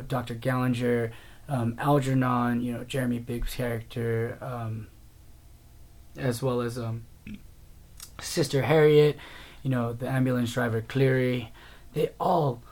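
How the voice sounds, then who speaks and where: A man's voice: medium pitch, a little mellow. A man hosting a casual TV review show, rambling through his thoughts with many fillers and restarts. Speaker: TV review podcast host.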